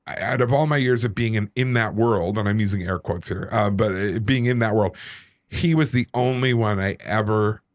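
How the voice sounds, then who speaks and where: A man on a podcast, casually telling a personal story in an animated, self-deprecating way. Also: lowish voice, moderate pace, no echo, studio quality. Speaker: podcast co-host.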